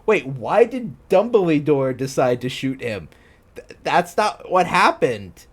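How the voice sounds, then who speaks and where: On his stream, a man with a fairly high, husky voice reads fan fiction at a slow pace but with a great deal of animation. Incredulous, he pauses to ridicule the text and dissolves into laughter.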